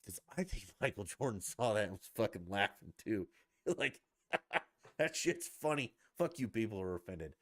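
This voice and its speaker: A man's voice: lowish voice, lively intonation, normal speed, no room sound, clean studio sound. A middle-aged man ranting casually as a podcast host, blunt, mocking and profane.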